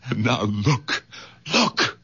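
An actor playing a middle-aged doctor who stammers and swings into ecstatic outbursts, in a 1970s radio drama. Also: male voice, medium pitch, very animated, drawn-out words, creaky, pushed and bright, slightly rough, heavily acted. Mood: excited, pleading. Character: middle-aged male doctor, excitable and volatile. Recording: dull lo-fi 1970s radio recording.

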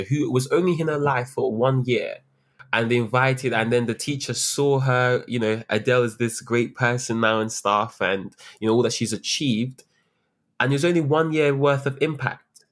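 A man's voice: mid-range voice, normal speed, fairly bright tone. A young man who works as a teacher, talking earnestly and reflectively in a casual interview, with many fillers and restarts. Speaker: teacher, guest.

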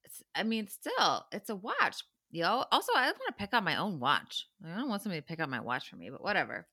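A woman co-hosting a podcast, recapping reality TV in animated casual chat and quoting the cast. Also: on the low side, fast. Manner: animated, swearing, recounts scenes in quoted voices. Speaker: podcast co-host.

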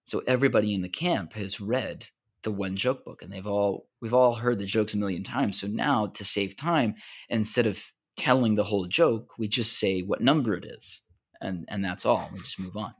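A man's voice: lowish voice, breathy edge. A man voicing a patient camp kid explaining. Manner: patient explaining, halting restarts. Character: friendly boy at summer camp explaining.

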